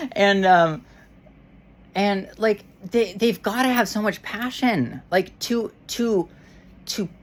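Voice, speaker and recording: Fired-up woman ranting in a vlog. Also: medium pitch. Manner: heated and frustrated, swearing, halting restarts. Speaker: vlogger. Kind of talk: casual rant to camera.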